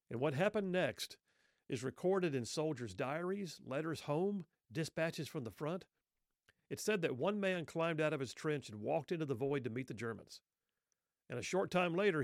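A man's voice: on the high side, no room sound, clean studio sound. A man telling a historical story in an earnest, reflective way, with rhetorical questions.

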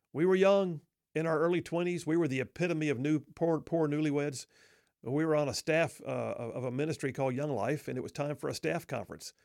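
A man's voice: fairly high pitch, darkish tone, no echo, studio quality. A middle-aged man telling a humorous personal story in a wry, self-deprecating, folksy way.

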